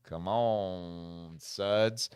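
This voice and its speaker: An American man hosting a casual podcast, telling a funny travel story and reading trivia questions, animated and laughing often. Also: deep voice, extremely slow, clear, resonant tone, no room sound. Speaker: podcast host. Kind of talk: casual chat and trivia quizzing. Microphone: studio microphone.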